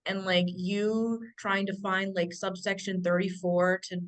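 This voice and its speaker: A woman's voice: medium pitch, little pitch movement, a little slow. A woman telling stories bluntly in a casual group chat, swearing freely and laughing. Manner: blunt, profane, laughing storyteller. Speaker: panel guest.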